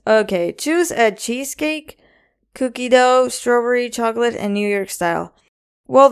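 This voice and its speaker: A woman's voice: mid-range voice, gravelly, smooth. A young woman hosting a casual solo podcast, rambling with lots of ums and likes, a bit anxious and self-conscious. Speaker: podcast host.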